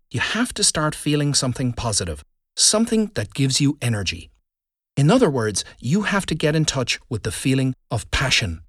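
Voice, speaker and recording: Male speaking coach, scripted lesson, lively pitch, keywords stressed, dry booth sound. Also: no room sound. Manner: deliberate, emphatic delivery with stressed keywords. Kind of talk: scripted instructional narration.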